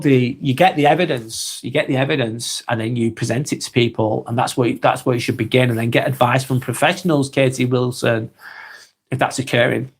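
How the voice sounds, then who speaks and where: This English live streamer has a husky, mid-range voice. He reads his viewers' comments out loud and responds bluntly, waving off trolls while repeating himself and saying "um" often.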